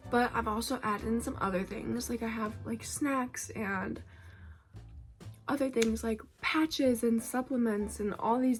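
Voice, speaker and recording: A young woman talking casually to camera as a content creator, chatty and full of fillers. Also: fairly high pitch. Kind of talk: casual vlog talk. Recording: faint music behind.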